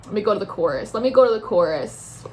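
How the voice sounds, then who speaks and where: A woman's voice: mid-range voice, expressive, fast talker, darkish tone, slight background noise. A young woman giving a casual intuitive tarot reading, rambling with many fillers and acting out quoted voices. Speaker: tarot reader.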